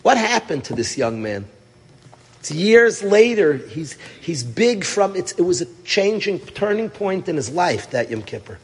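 A middle-aged man, a rabbi who teaches at a yeshiva, telling a story in a sermon, emphatic and full of rhetorical questions, swinging from loud to hushed. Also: high-pitched, big pitch swings, measured pace, breathy edge, in a large hall.

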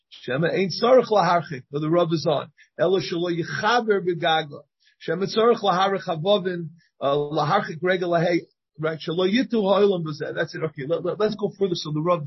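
A rabbi teaching a Talmud class, reading passages and explaining them phrase by phrase with frequent restarts. His voice sits high and sounds husky. The recording is dull and lo-fi. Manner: reads Hebrew and Aramaic text and translates it, with many restarts.

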